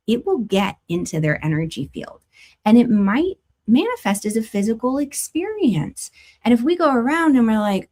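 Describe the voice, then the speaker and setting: A woman's voice: mid-range voice, a little mellow. A woman reading tarot cards and giving a weekly spiritual forecast, chatting casually with playful stories and asides.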